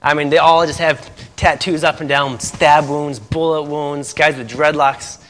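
A man preaching and recounting a testimony with lively energy, his tone bright and forceful. He laughs often and acts out the other voices in his story. His voice rings out with a long echo in a large hall. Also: on the high side, measured pace, slight background noise. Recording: echoey hall.

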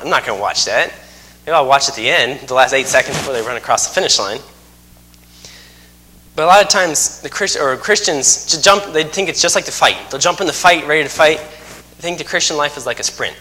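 Bright-voiced preacher man. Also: medium pitch. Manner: folksy, joking asides, emphatic repetition. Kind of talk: sermon.

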